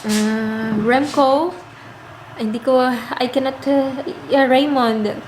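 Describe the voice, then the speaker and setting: A woman's voice: high-pitched, steady tone, takes it slowly, a little mellow, a little hiss or hum, poor audio. A young Filipino woman with a Filipino accent, chatting casually to her viewers in a home vlog, emotional and teary, and pregnant. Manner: chatty, addresses viewers as "mga inday". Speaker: vlogger. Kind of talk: casual vlog chat in Taglish. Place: home indoors in the Netherlands.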